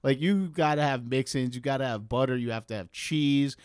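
A man's voice: mid-range voice, brisk, a little mellow, clear, resonant tone, dry recording. Male podcast host, thirties, conversational, salty language; resonant clean tone, close and dry. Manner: chatty, swears casually, laughs easily. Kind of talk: casual interview chat.

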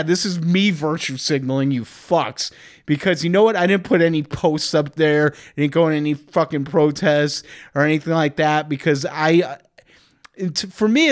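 A man hosting a podcast, talking in a rambling, profane, comedic monologue. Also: fairly high pitch. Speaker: podcast host.

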